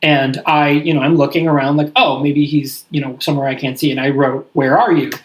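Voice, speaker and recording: A man's voice: fairly high pitch, steady tone, brisk, low-quality recording. A young man hosting a podcast, telling a story in a rambling, profane way, full of "like" and "I was like.". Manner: profane, rambling, heavy use of "like". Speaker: podcast host. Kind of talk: casual storytelling chat.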